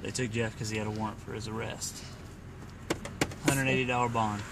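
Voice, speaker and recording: A man joking dryly with his partner during a casual vlog, giving flat refusals and teasing back. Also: fairly low pitch, brisk. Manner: dry, joking, deadpan refusals. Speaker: vlogger's partner. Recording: noisy car and street recording.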